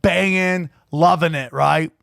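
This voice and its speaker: A man co-hosting a podcast, telling profane, animated stories in casual chat and acting out the people he quotes. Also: a little high, slow pace, gravelly, no room sound, studio quality. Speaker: podcast co-host.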